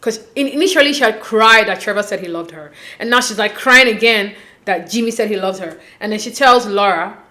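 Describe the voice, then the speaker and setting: A woman hosting a casual recap of a dating show, chatty, opinionated and quick to laugh. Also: mid-range voice, pushed and bright. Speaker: reality show recap host.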